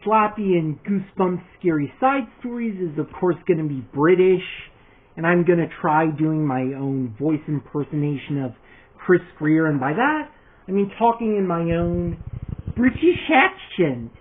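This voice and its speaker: A man's voice: on the high side, expressive, measured pace. A young man vlogging casually about his fan series, rambling and hesitant with many fillers. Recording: tinny phone-like recording, faint hiss.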